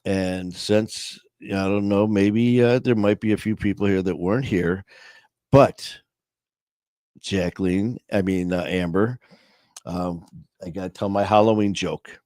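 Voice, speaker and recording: A man's voice: deep voice, fairly even intonation, a little slow, darkish tone, no echo, clean studio sound. A man hosting a casual livestream chat. He rambles with lots of fillers and tells corny jokes. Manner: rambling, joking, many fillers. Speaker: livestream host.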